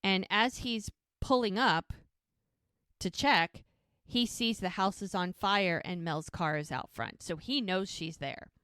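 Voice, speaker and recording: A woman co-hosting a podcast, casually retelling scenes of a TV episode in an animated way and acting out the characters' lines. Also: mid-range voice, slow, clear, resonant tone, no room sound, clean studio sound. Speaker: podcast co-host recapping a TV show. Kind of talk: casual recap storytelling.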